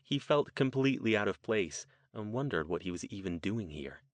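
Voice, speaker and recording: Fields: Sex: man. Role: audiobook narrator. Style: scripted narration. Pitch: low. Room: dry. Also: lively intonation, moderate pace, no echo.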